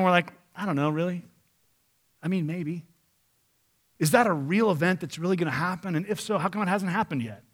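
A man preaching a sermon, reading scripture and paraphrasing it in an emphatic, animated way. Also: sits high, fairly quick, pauses often.

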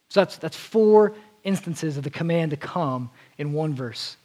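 A male preacher with a high voice gives an earnest Sunday sermon. He talks directly to his congregation and repeats a word now and then as he presses his points. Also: expressive, a little slow, hardly any pauses, mellow. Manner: earnest, repeats words as he restarts.

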